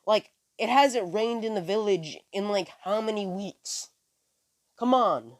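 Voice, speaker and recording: A narrator puts on a cocky young male ninja, pitched up from his own voice and lecturing rivals with scorn. He talks in loose slang and sounds smug. The sound is close and dry. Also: expressive, measured pace, no echo. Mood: mocking. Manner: lecturing, mocking, casual slang. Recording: dry close phone mic.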